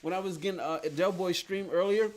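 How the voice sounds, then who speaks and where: With a high voice, brisk pace, and steady tone, a man streams a racing game. He chats casually with his viewers and thinks out loud as he plays.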